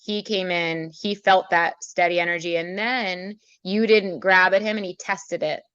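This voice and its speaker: A woman riding instructor teaching a student in a chatty, animated way, then leading a guided meditation. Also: lowish voice, unhurried, clear, resonant tone, no echo, lo-fi sound. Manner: chatty, animated, acts out horse thoughts. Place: outdoors at a horse trailer.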